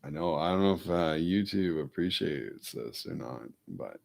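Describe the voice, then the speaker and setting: A man's voice: very deep voice, expressive, normal speed, creaky, darkish tone. A man vlogging casually to camera, rambling off-the-cuff and drifting into mumbled asides. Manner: rambling, talks to his dog in a coaxing voice.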